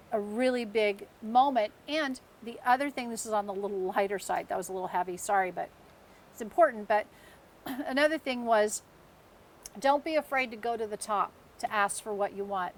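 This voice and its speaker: A woman's voice: medium pitch, slight background noise. A woman in her fifties from the United States, telling a long personal story as a podcast co-host, acting out the voices in it and laughing often. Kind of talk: casual storytelling chat.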